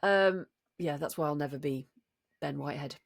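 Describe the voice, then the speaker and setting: A woman's voice: low voice, moderate pace, vocal fry, dry recording, studio quality. A woman co-hosting a podcast, chatting casually and thinking aloud with frequent restarts. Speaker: podcast co-host. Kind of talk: casual chat.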